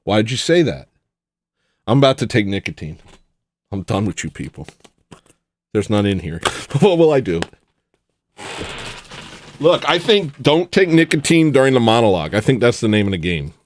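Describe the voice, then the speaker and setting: A man's voice: mid-range voice, very animated, moderate pace, pauses often, no echo. A man hosting a casual livestream, rambling and joking as he answers his chat. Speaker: livestream host. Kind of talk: casual livestream chat, reading viewer messages.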